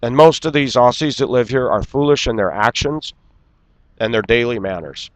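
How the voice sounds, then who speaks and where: A man's voice: medium pitch, moderate pace, no echo, low-quality recording. An American man ranting bluntly and scornfully in a vlog monologue, speaking outdoors on a city street. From United States. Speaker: vlogger.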